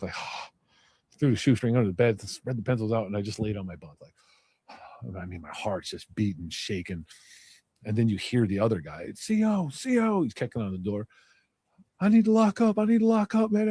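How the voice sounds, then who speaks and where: A man with a low, husky voice tells a violent memory in a candid, matter-of-fact way. The sound is dry and close, with no room around it. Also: dark tone, no echo. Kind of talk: casual storytelling.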